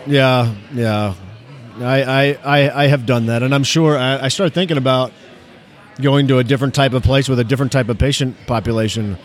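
A man's voice: mid-range voice, moderate pace. A male emergency physician chatting as an interview guest. He stammers often, repeats his words and leans on fillers. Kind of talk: casual interview chat.

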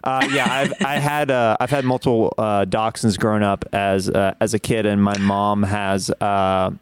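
A man's voice: on the low side, flat delivery, moderate pace, a little hiss or hum. A young man hosting a podcast over a video call, chatting casually and rambling with fillers and laughs. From Kansas. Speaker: podcast host. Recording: dry close sound.

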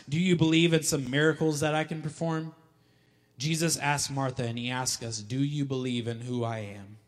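A male pastor preaching a sermon emphatically, repeating key lines and building to loud calls. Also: on the high side. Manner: emphatic, repeats lines for effect, rising to shouts. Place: church hall. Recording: long hall reverb.

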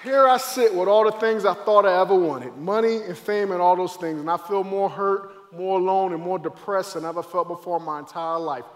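A man, a former football player, giving an emotional faith testimony, dramatic and acting out moments as his voice swings between loud and hushed. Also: high voice, a little fast, hardly any pauses, long reverb tail, some chatter behind.

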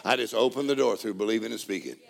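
A male preacher delivering a sermon in call-and-response style, dropping to low murmurs and then rising to shouted praise. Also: fast talker, gravelly.

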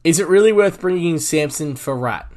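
A man's voice: fairly high pitch, lively intonation, fairly quick, darkish tone. Laid-back Australian man reading questions. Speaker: podcast co-host reading listener questions. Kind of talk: casual sweary banter.

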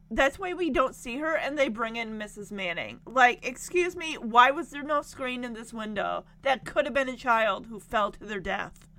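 A young woman casually recapping a TV episode, with animated and indignant storytelling. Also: fairly high pitch, normal speed. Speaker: TV show recapper.

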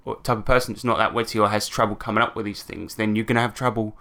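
A man's voice: lowish voice, flat delivery, rapid-fire, pushed and bright. A British man co-hosting a casual podcast chat about tabletop role-playing, telling anecdotes and acting out players' lines. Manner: chatty, anecdotal, acts out player quotes. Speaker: podcast co-host.

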